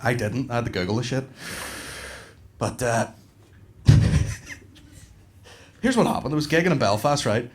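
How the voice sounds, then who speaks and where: A man with a Northern Irish accent doing stand-up on a comedy club stage, telling profane stories with animated bursts. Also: mid-range voice, moderate pace, long pauses, slight background noise.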